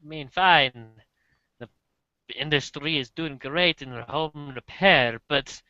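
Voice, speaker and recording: A man's voice: a little high, takes it slowly, sharp tone, smooth, no room sound, lo-fi sound. A man voicing a grumpy female tavern keeper with a put-on Scottish-Irish accent. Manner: grumbling, unbothered.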